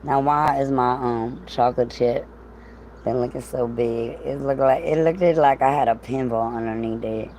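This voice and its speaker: A woman's voice: very deep voice, steady tone, moderate pace, dark tone, slight background noise, rough recording. A woman chatting casually on a livestream, rambling and profane, with frequent laughs.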